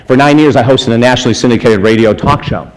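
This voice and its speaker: A man giving a storytelling sermon as a spiritual speaker, animated, chuckling often and acting out the people in his stories. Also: mid-range voice, fast, rough recording. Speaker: spiritual speaker and life coach. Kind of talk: storytelling sermon to a live audience.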